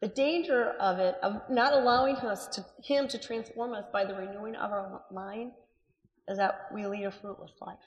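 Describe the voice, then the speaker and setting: A woman in her thirties preaching a sermon in a chatty, animated way, with asides and a strained voice. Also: medium pitch, normal speed. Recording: echoey hall.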